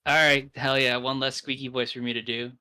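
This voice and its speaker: A woman's voice: rumbling low, a little fast, clean tone, no echo, clean studio sound. A woman streamer chatting casually and joking with a lot of swearing. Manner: profane, joking, lively. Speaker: streamer host. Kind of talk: casual live-stream chat.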